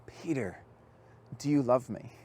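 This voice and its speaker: A man voicing a gentle, patient risen teacher who asks softly and slowly. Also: a little hiss or hum, close to an everyday voice. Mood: tender. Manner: soft, slow, low-voiced.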